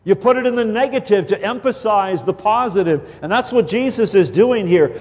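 A man with a fairly high voice preaches at an unhurried, measured pace, leaning on each key word. His voice rings out with a long hall reverb. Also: a little mellow. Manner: slow, deliberate, emphatic phrasing with repeated words. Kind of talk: expository sermon.

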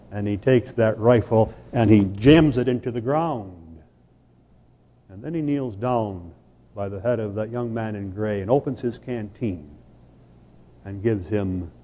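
Male preacher, sermon, dramatic storytelling, very slow delivery, echoing church hall. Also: fairly low pitch. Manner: slow, dramatic storytelling with sudden loud peaks. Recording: long reverb of a large hall.

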